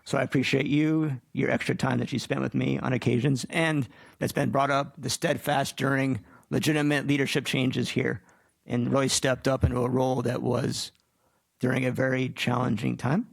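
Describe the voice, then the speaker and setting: Gravelly-voiced man, sincere tribute. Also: mid-range voice, little pitch movement, moderate pace. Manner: sincere, plain-spoken. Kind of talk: informal tribute at a council meeting. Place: city council chamber.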